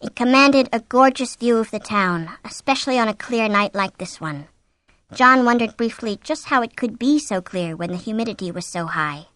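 Bright, dry-voiced woman narrator. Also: on the high side, moderate pace, no room sound. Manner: expressive, suspenseful reading. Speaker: audiobook narrator. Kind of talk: scripted narration of a horror novel.

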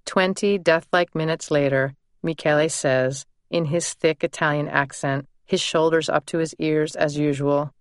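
A woman narrating her own memoir in a measured, deliberate first-person reading. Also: sits low, fairly even intonation, clear, resonant tone, no room sound, clean studio sound.

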